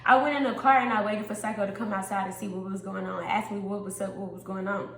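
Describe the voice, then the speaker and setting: A woman telling a wild story in an animated, profane, laughing way. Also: medium pitch, fast talker, roomy sound. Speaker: storytime vlogger. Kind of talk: casual storytime monologue.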